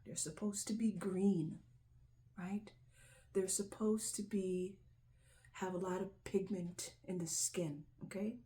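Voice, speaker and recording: A woman's voice: mid-range voice, steady tone, slow, dark tone. A woman hosting her own video, talking casually to the camera as she shows things, often repeating herself and checking in with "right?". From Jamaica. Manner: chatty, repetitive, keeps asking "right?". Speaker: video host. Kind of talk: casual show-and-tell talk to camera.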